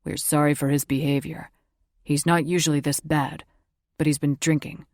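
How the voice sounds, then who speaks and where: A woman's voice: low-pitched, little pitch movement, normal speed, a little mellow, dry recording, clean studio sound, pitched below the performer's own voice, lightly acted. A woman voicing an earnest young male wolf shifter in his mid-twenties, urgent and apologetic. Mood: pleading.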